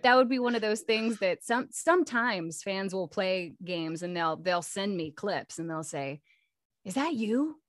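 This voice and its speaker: A woman voice actress chatting as an interview guest, lively and full of restarts and fillers. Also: mid-range voice, unhurried, hardly any pauses, no room sound, studio quality. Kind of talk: casual interview chat.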